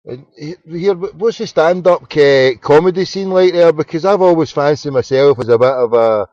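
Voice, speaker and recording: A Glaswegian man hosts a late-night radio phone-in, his voice sitting a touch high for a man. He rambles, jokes and trips over his words. The audio is dull and lo-fi, with a dry, close sound. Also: normal speed, a little mellow, no room sound. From Scotland. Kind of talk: casual chat.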